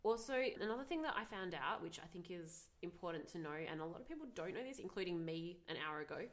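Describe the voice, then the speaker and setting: A woman's voice: on the low side, animated, fast talker. A woman, co-hosting a casual, frank chat and giving practical advice with wry humor. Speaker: podcast co-host.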